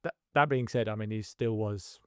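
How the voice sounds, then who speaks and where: A man's voice: fairly low pitch, normal speed, fairly bright tone, clear, resonant tone, no echo, clean studio sound. Easygoing man telling a coaching story. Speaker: podcast co-host and youth football coach. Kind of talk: casual podcast chat.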